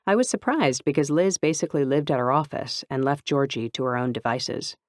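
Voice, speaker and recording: A woman narrating a first-person novel in an even, clear storytelling voice. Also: a bass voice, fairly quick, no echo, studio quality. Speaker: audiobook narrator.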